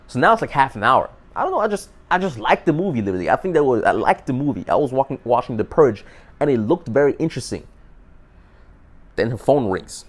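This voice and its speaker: A dating advice vlogger with a fast, mid-range voice tells a dating story in a casual, profane monologue. He is animated and emphatic, often repeating and restarting words.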